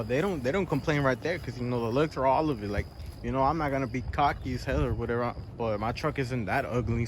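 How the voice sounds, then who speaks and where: Young male vlogger, animated slangy rant outdoors, mid-range voice, casual energy. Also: mid-range voice, slight background noise. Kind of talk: casual ranting vlog. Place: outdoors by his truck.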